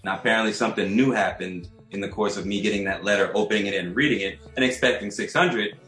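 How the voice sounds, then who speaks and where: A man co-hosting a podcast, telling a profane story in a casual, animated way and laughing as he goes. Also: lowish voice, quick pace, reverberant, faint music behind, low-quality recording. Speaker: podcast co-host.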